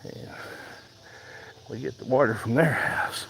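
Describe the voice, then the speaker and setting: In this casual work vlog, a farmer hauls things around an outdoor pasture while chatting to his audience, slightly out of breath, his handheld phone doing the filming. He speaks in a slow rural drawl full of friendly asides, with a mid-range, fairly bright, slightly rough voice and some vocal fry. The audio quality is poor.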